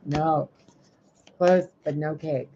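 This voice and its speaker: A man's voice: medium pitch, creaky, dark tone. A man reading tarot and oracle cards on a livestream, musing and playful, talking to the cards, with a muffled recording and faint hiss. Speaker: tarot and oracle card reader.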